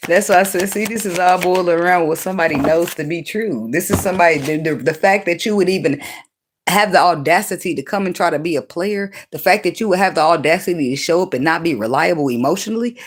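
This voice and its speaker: A woman giving an unscripted tarot reading in a blunt, profane, animated way, breaking into laughs often. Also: sits low, fast talker, breathy edge. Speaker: tarot reader.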